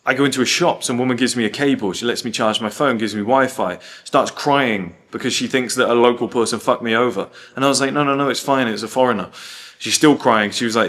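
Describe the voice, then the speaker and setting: A young man talking in a casual vlog, animated and swearing, telling travel stories with quoted asides. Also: medium pitch. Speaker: host.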